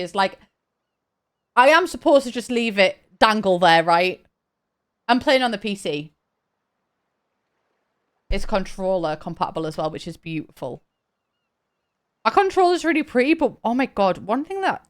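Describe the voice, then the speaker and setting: Young woman streaming games, chatty, keeps restarting sentences, bit high voice. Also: a bit bright. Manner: chatty, halting restarts, quick laughs. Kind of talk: casual live-stream chat while gaming.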